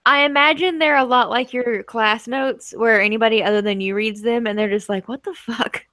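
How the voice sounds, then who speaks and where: A woman's voice: on the high side, fairly even intonation, brisk, fairly bright tone, no room sound. A woman playing a tabletop game, wry and joking. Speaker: player. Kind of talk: casual tabletop play.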